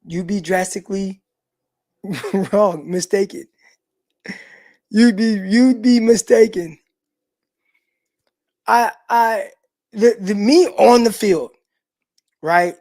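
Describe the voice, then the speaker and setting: A man's voice: sits high, drawn-out words, pauses often, darkish tone. A middle-aged man hosting a sports livestream, chatting casually and answering viewer comments in a loose, laid-back way with many fillers. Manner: talks straight to the live chat and reads out viewer comments. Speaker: sports show host.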